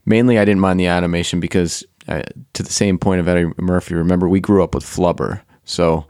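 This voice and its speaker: A man with a very low voice chats easily on a podcast and puts questions to his co-host. The recording is dry and close. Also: fairly even intonation, a little fast, a little mellow, dry recording. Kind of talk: casual chat.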